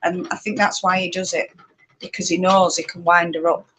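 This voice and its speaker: A woman with a Yorkshire accent chatting casually and rambling on a live stream, talking loudly over her spinning wheel and laughing often. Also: fairly low pitch, flat delivery, normal speed, a little hiss or hum, low-quality recording. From Yorkshire, England. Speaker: spinning channel host.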